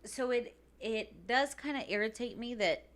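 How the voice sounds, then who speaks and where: A woman's voice: fairly high pitch, animated, moderate pace, a bit bright. A woman co-hosting a podcast who talks bluntly in casual chat and adds short replies. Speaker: podcast co-host.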